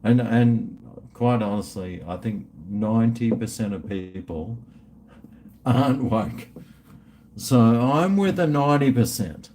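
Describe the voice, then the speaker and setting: A man's voice: medium pitch, lively intonation, slow, darkish tone, a little hiss or hum. A middle-aged man, hosting a casual livestream and reading super chats. He rambles, mumbles, trails off and swears often, drinking while streaming. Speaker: livestream host.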